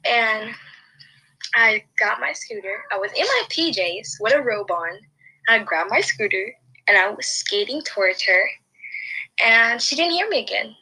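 A woman's voice: fairly high pitch, lively intonation, a little slow, bright, forceful tone, husky, poor audio. A young woman telling a personal story in casual chat, rambling along with lots of restarts and fillers. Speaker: podcast host.

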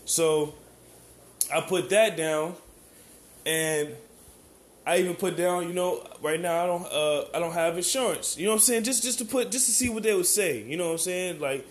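An American man delivers a heated, rambling rant in a somewhat high voice. His talk is full of profanity and restarts. He keeps checking in with the listener. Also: normal speed. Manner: keeps asking "you know what I'm saying". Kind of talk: ranting monologue.

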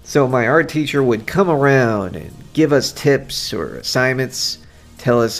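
Male podcast host, mid-pitched, rambling and reflective, faint music underneath. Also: animated, unhurried, gravelly. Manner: rambling, self-deprecating, reflective. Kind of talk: casual solo podcast monologue.

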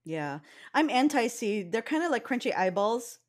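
A woman's voice: fairly high pitch, very animated, moderate pace. A woman co-hosting a food podcast, chatting casually and playfully, laughing often. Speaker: podcast co-host. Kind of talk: casual chat.

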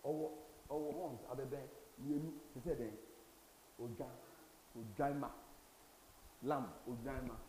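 Emphatic pastor in an echoey church. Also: male voice, mid-range voice, fairly even intonation, takes it slowly, long pauses, darkish tone, slight background noise. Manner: emphatic preaching with repeated phrases. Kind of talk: sermon.

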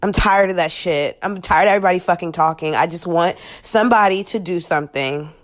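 A woman with a deep, low voice speaks as a podcast guest. She talks frankly and swears freely. Her sentences break off and restart as she searches for words. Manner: blunt and profane, with halting restarts. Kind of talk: candid personal reflection.

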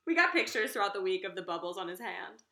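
Young woman teasing her brother, giggly, bright voice, room echo. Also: mid-range voice, big pitch swings, fast talker. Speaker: podcast co-host. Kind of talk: casual sibling chat.

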